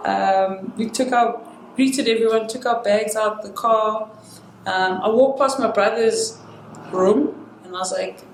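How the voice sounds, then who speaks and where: A young woman tells a personal story in a relaxed, chatty way and acts out the other voices in it. Her voice sits at a middle pitch. The room is echoey, with a faint hum of noise behind her. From South Africa. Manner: animated retelling that acts out quoted dialogue. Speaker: guest sharing a personal story. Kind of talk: casual conversational storytelling. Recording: roomy indoor sound with faint noise.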